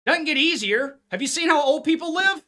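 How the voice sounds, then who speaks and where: A man's voice: very high voice, expressive, brisk, sharp tone. A man, a fitness coach, giving a blunt, intense live-stream pep talk full of cursing, speaking into a phone.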